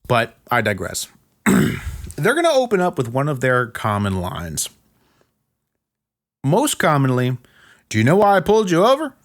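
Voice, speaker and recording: A man's voice: fairly low pitch, a bit bright. A man hosting a podcast, giving blunt, emphatic step-by-step advice in a casual monologue. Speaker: podcast host.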